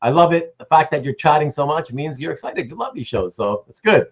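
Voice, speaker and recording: A man's voice: fairly high pitch, very animated, fairly quick, slightly rough, muffled recording. A man hosting a casual livestream, rambling and greeting chat viewers by name, with some casual swearing. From Canada. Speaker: livestream host.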